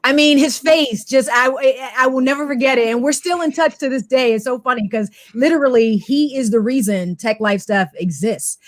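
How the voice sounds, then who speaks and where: A middle-aged woman guest telling her career story in an animated way, acting out the voices in her anecdotes. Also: high-pitched, normal speed, few pauses, no echo. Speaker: guest, technology media expert. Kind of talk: storytelling interview talk.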